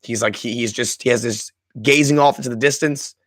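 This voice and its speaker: Here a male host speaks at medium pitch, fairly quickly, with a fairly bright tone and a dry recording. On his live stream he talks a film over with chat, emotional and effusive, repeatedly restarting his sentences.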